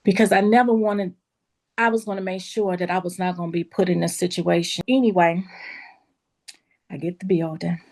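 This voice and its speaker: A woman who owns a beauty school tells a personal story in a lively, casual way, talking straight to her listeners and acting out what people said. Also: on the low side, moderate pace, pauses often. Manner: lively, acts out quoted dialogue in a raised voice; casual, addresses listeners as y'all.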